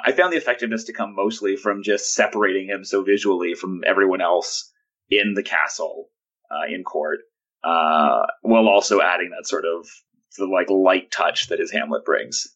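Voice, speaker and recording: A man's voice: sits low, normal speed, a bit bright, lo-fi sound. A man on a podcast panel, chatting casually, thoughtful and hesitant with fillers. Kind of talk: casual discussion.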